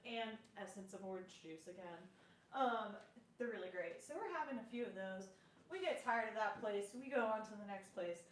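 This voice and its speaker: A young woman telling a comedic personal story at an open mic, chatty with lots of fillers and sudden loud bursts. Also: on the high side, far from the mic, a little hiss or hum. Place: comedy theater stage. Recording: echoey theater room recorded from afar.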